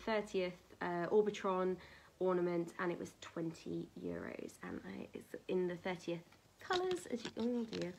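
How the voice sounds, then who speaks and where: A woman chatting to camera about a haul, rambling with ums, little laughs and soft whispered asides. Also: medium pitch, gravelly. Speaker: vlogger showing a merchandise haul. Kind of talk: casual chat to camera.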